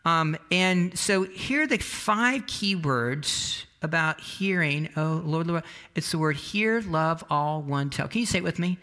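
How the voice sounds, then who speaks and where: A male pastor with a high voice preaches in a chatty, lively storytelling manner. His tone is bright and forward, and he often stops mid-sentence to restart. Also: unhurried, few pauses. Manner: conversational, animated storytelling with many restarts. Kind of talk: sermon.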